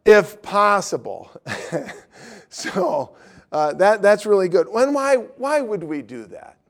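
A man teaching a class on evangelism in a lively way, laughing often and acting out voices. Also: high-pitched, slow. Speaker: evangelism trainer.

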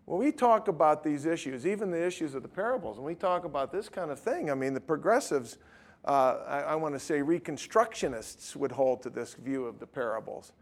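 A man's voice: fairly high pitch, lively intonation, a little fast. A middle-aged man preaching, telling a story conversationally and acting out both sides of a dialogue. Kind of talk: sermon with retold street-evangelism story.

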